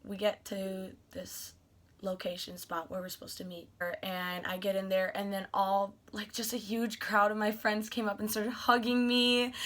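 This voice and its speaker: A young woman vlogger telling a story in a casual, gushing way, acting out what she and her friends said. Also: fairly high pitch. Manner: excited, gushing, acts out quoted dialogue.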